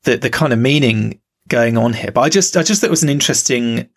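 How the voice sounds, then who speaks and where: A man's voice: medium pitch, animated, fast. A man co-hosting a podcast, talking casually and thoughtfully, asking himself questions and restarting his sentences. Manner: musing, self-questioning, many restarts. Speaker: podcast co-host. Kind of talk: casual critical discussion.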